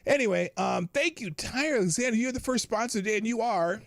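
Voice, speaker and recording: Lively American man telling a story. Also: high-pitched, fairly quick, creaky, no room sound, studio quality. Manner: animated, acts out quoted voices, laughs often. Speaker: livestream host. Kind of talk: casual storytelling on a live stream.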